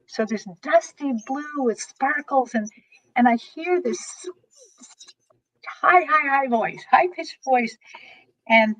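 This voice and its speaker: A woman guest telling long, animated stories about readings, rambling and restarting as she goes. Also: high voice, slow, long pauses. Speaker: guest, tarot reader. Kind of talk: storytelling interview chat. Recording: dull lo-fi recording.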